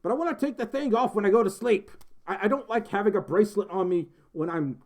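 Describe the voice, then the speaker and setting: A young man with a high, slightly mellow voice speaks quickly as he hosts a casual livestream. He reads viewer messages aloud, rambling and giggling, full of ums and restarts.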